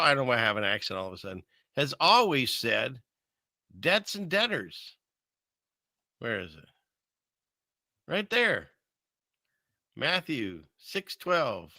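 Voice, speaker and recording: A man's voice: a little high, very animated, a little slow, long pauses, pushed and bright, dry recording. A man hosting a casual livestream, rambling conversationally and reading Bible verses aloud. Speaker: live stream host. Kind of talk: casual livestream commentary on scripture and conspiracies.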